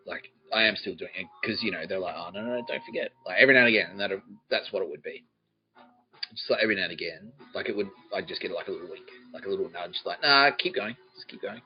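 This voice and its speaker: Deep-voiced man rambling crudely. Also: fast talker. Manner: crude, meandering, self-interrupting, laughs at own jokes. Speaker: podcast host. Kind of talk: rambling comedic monologue. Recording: dull lo-fi recording with faint music.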